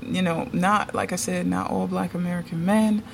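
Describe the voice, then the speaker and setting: A woman vlogging to her viewers in a relaxed, unhurried way, her low voice carrying a gravelly fry. She is chatty and emphatic, often pausing to check in with "okay?". A faint hum of noise sits behind her. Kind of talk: casual opinion vlog.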